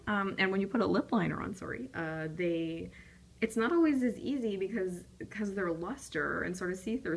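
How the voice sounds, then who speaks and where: A young woman casually reviewing lipstick swatches, chatty and rambling, with frequent ums and apologies. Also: fairly low pitch. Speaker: beauty vlogger.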